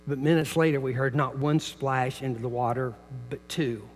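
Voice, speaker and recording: A man's voice: mid-range voice, moderate pace, long reverb tail, slight background noise. An older man, a pastor preaching a sermon, telling stories, who often repeats words as he starts a phrase. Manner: storytelling, repeats words at the start of phrases, rises loud when quoting. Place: church sanctuary.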